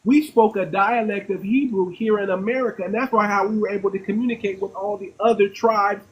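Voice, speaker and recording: A man's voice: high voice, steady tone, brisk, a little hiss or hum, poor audio. A man in casual discussion, speaking in a preachy, insistent way and repeating phrases.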